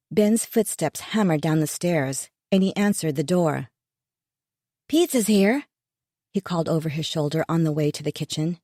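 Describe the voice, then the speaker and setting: A woman narrates a first-person thriller audiobook, measured and tense, in a low, mellow voice. The recording is close and dry, with no room sound or echo.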